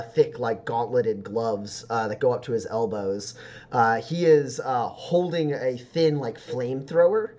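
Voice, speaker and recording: A man's voice: medium pitch, dull audio. A man narrating a tabletop game as game master, describing scenes in a rambling way with many fillers.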